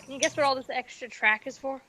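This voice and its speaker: High-voiced woman chatting away, distracted, faint hiss and clicks. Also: fairly even intonation, quick pace, pushed and bright. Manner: chatty, easily distracted, keeps aside remarks going. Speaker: stream chat participant. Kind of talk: casual chat.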